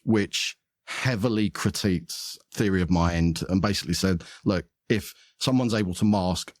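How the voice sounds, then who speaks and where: A man speaks as a podcast guest, explaining ideas at length in a thoughtful, conversational way. His voice sits low. The sound is dry and close. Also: normal speed, no echo. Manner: thoughtful, explanatory, with occasional laughs. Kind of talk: conversational interview.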